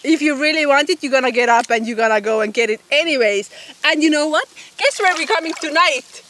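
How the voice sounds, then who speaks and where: A high-pitched woman chats to her camera outside, laughing her way through a casual story. Her voice sits a little away from the mic, so it sounds slightly distant and open. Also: animated, fairly quick, a bit bright. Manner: giggly, laughs often while telling the story. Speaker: photographer and vlogger. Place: outdoors by a bog, with bugs around. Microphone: camera mic, filmed outdoors.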